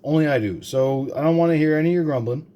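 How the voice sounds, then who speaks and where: A man's voice: fairly high pitch, fast, warm tone. A young man from Canada, talking through a home cooking demonstration in a rambling, joking, profane way full of fillers. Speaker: home cook vlogger. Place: home kitchen.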